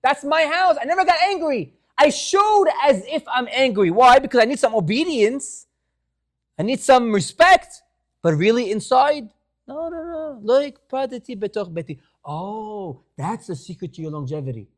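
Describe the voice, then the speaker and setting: High-pitched rabbi giving an animated sermon. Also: male voice, normal speed. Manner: animated storytelling, mixing in Hebrew phrases. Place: synagogue.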